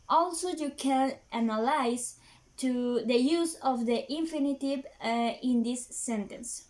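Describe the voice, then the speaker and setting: A high-pitched woman whose first language is Spanish talks through English grammar points. She goes slowly, with frequent "uh"s and halting restarts, like a student giving a class presentation. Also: a little mellow. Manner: slow, halting, many fillers and restarts, non-native phrasing.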